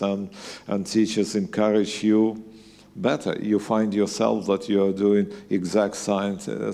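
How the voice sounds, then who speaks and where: A middle-aged man from Russia with a Russian accent, a guest scientist talking on stage in a halting way, full of fillers and restarts, with dry humour. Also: fairly low pitch, creaky, mellow. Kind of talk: live on-stage conversation. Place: museum event hall, live audience. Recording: long reverb of a large hall.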